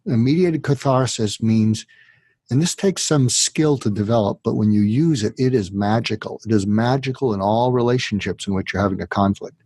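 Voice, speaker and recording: A man's voice: on the low side, normal speed, darkish tone, slightly rough, no echo. A man, a psychiatrist, being interviewed, who explains his method step by step and now and then acts out what a troubled patient might say. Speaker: psychiatrist guest.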